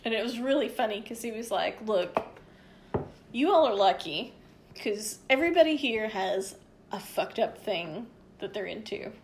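A woman's voice: mid-range voice, expressive, normal speed, slight background noise. A young woman with a light East Tennessee Southern accent, casually telling a story on a podcast she also edits, with loose swearing. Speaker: podcast co-host and editor. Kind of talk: casual chat.

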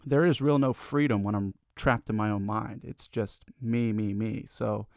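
A man speaking in a candid personal monologue, halting and repeating himself as he searches for words, swearing now and then. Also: on the low side, steady tone, vocal fry, darkish tone, dry recording, studio quality.

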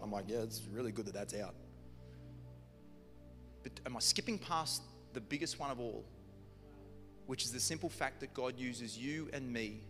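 New preacher telling a funny story. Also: male voice, mid-range voice. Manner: humorous storytelling, lively and conversational. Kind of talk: sermon. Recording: long hall reverb with music behind.

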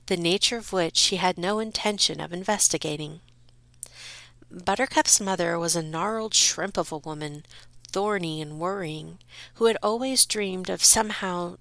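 A woman's voice: lowish voice, vocal fry, a bit bright, no echo. A woman narrating a storybook in a wry, dry storytelling manner.

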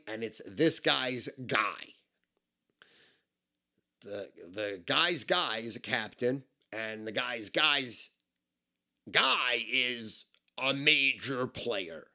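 A man tells a personal story in a bright, forceful voice. He is blunt and emphatic, and he swears constantly as he hammers home each point. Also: medium pitch. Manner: blunt, heavily profane, emphatic. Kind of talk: casual spoken anecdote.

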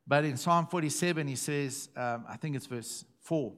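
A middle-aged man preaching, his voice sitting a little high for a man. He repeats words for weight and drops to a hush before climbing back to a loud call. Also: moderate pace, hardly any pauses. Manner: emphatic, repeating phrases, swings from hushed to loud. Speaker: pastor. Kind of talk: sermon.

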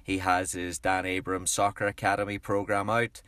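A man hosting a coaching podcast, speaking in a measured, reflective way as he tells stories. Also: low voice, flat delivery, pushed and bright. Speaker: podcast host, soccer coach. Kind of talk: podcast chat and storytelling.

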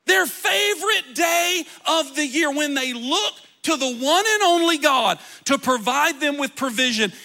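Male pastor, fiery sermon delivery, high and sharp tone, frequent shouted peaks. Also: lively intonation, measured pace, hardly any pauses. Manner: impassioned, often breaking into shouts; dramatic storytelling preacher.

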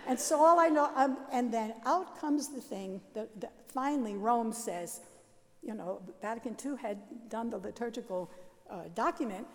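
An older woman, a Catholic nun, telling her life story in a lively, laughing way and acting out the sounds and voices in it. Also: fairly high pitch, moderate pace, long reverb tail. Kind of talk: animated personal storytelling.

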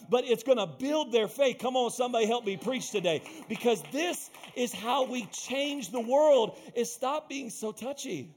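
High-voiced male pastor preaching emphatically. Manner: emphatic, repeats phrases and calls out to the congregation. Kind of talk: sermon.

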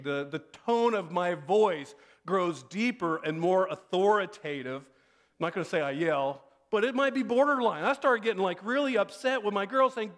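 A man with a high voice preaching in a relaxed, chatty way. He tells a story about his family and jumps even higher when he acts out the voices in it. He sounds like a pastor in his thirties. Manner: conversational storytelling, acts out quoted lines with rising pitch. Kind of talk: sermon.

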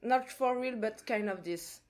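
Woman, halting speech. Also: fairly high pitch, darkish tone. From Martinique. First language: French. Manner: halting, searches for words, laughs often. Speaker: guest, dancer. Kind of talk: casual podcast chat.

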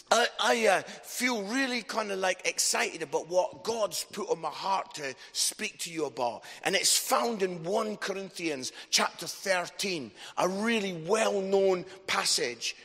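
An enthusiastic man preaching a chatty sermon, with a fairly high voice and a bright, forceful edge. His words ring out in a church hall with a long reverb tail. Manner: enthusiastic, chatty, adds "yeah?" tags. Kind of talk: sermon with personal storytelling.

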